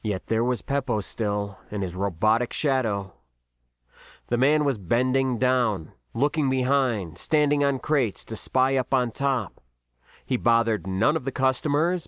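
A man narrating a science fiction story in a measured, expressive way. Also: on the low side, no echo, clean studio sound. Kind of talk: audiobook narration.

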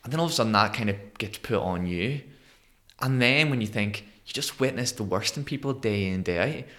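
A man in his thirties from Northern Ireland with a Northern Irish accent, a podcast guest telling his story in an animated way and acting out the voices of people he quotes. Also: lowish voice, a little fast. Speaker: guest, motivational speaker. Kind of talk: conversational storytelling interview.

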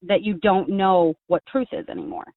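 A woman's voice: mid-range voice, lively intonation, moderate pace, no echo. A woman calling in to a talk show, speaking earnestly and rambling with many restarts. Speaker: caller. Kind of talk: casual call-in chat. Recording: tinny phone line, dry.

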